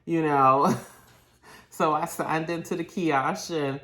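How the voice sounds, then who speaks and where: Woman, casual storytelling, lowish voice, animated. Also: slow pace. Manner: animated, acts out quotes in shifting voices. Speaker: vlogger.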